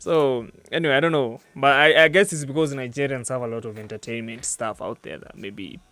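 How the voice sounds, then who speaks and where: A man's voice: mid-range voice, fairly quick, fairly bright tone, no room sound. A young man with a Kenyan accent hosting a casual podcast, joking and laughing often. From East Africa. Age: young adult. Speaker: podcast host.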